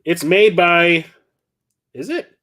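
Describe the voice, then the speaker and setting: A middle-aged man chats casually about his film collection in a somewhat high voice. He rambles enthusiastically, trailing off into fillers and restarts. His pace stays loose and conversational. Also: expressive, slow, sharp tone. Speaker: host.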